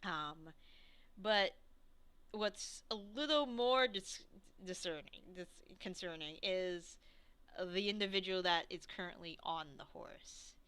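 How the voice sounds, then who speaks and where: A woman's voice: on the low side, takes it slowly, a bit bright, clear, resonant tone. A woman narrating a tabletop game as game master, describing scenes in a rambling way, with many restarts.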